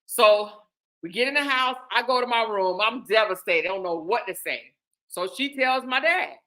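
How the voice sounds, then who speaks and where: Bright-voiced woman telling a personal story. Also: fairly high pitch. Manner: animated, talks straight to listeners with "y'all". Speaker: host.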